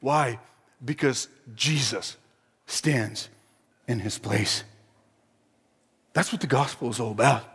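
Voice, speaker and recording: A man preaching a sermon with passion, pressing rhetorical questions and repeating his points, swinging between hushed and loud emphatic delivery in a church sanctuary. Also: mid-range voice, slow pace, gravelly, pauses often, husky. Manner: impassioned, with rhetorical questions and repetition. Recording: long reverb of a large hall.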